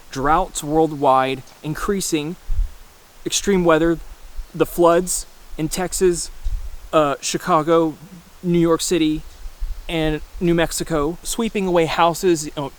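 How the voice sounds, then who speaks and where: A man in his mid-thirties delivers a loose, rambling monologue to his viewers. He is blunt and swears freely, often restarting his sentences as he talks. His voice sits slightly high for a man. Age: 30s. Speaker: vlogger. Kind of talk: casual ranting monologue.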